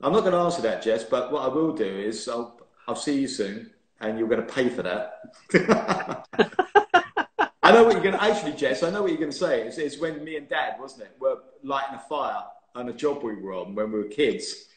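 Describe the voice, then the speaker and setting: With hardly any pauses, a man in his fifties talks fairly quickly in a medium-pitched voice, a former racing driver joining a live stream as a guest. He spins lively stories full of laughs and teasing, recorded on a phone or laptop mic in an echoey room.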